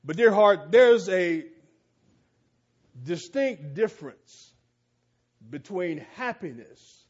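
A man with a high voice delivers a sermon at an unhurried pace. He reads scripture and drives his points home through slow, emphatic repetition. The recording sounds slightly dull and lo-fi. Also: expressive. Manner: slow, emphatic delivery with repeated phrases and rising exclamations. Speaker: preacher.

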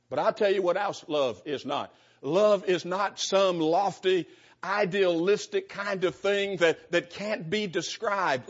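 An older man preaching a sermon as pastor, with an emphatic cadence and repeated words, speaking to his congregation. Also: high-pitched. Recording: dull lo-fi sermon recording.

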